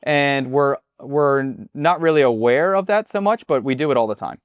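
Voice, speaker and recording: A man, a chef who is a guest on the show, explaining things casually and illustrating them with animated examples. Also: fairly high pitch, fairly quick, dry recording, muffled recording. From United States. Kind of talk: casual conversation.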